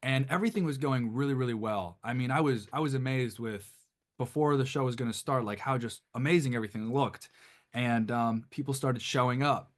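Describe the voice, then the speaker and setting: A man from Detroit, a band guest on a podcast, telling an anecdote casually in a rambling, animated way with lots of restarts. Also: medium pitch, fairly quick. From Detroit, USA.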